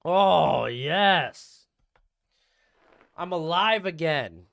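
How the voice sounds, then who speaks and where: A man's voice: fairly high pitch, lively intonation, very slow, vocal fry, a bit bright. A young man hosting a live stream, casually commenting on draft picks and answering his chat. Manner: chatty, answers chat questions, offhand opinions.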